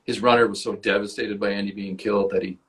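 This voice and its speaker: A man's voice: fairly low pitch, steady tone, quick pace, fairly bright tone. A man with a Canadian accent, an actor and guest on an interview podcast, tells casual stories and swears freely. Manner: swears freely, storytelling with acted quotes.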